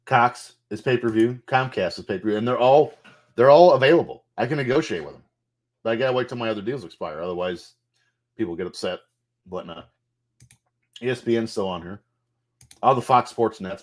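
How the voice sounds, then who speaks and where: A man's voice: lowish voice, a little fast, long pauses. A man casually walking through a wrestling management game's menus, loose and a bit profane, thinking aloud as he goes. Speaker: gameplay streamer. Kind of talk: casual game walkthrough commentary.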